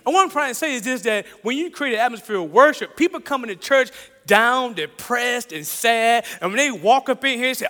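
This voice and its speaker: A man preaching with a high, bright voice, full of energy as he tells a story. He repeats phrases and chuckles as he speaks. The sound carries a long echo, as in a big church hall. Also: lively intonation, brisk. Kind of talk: sermon with personal story.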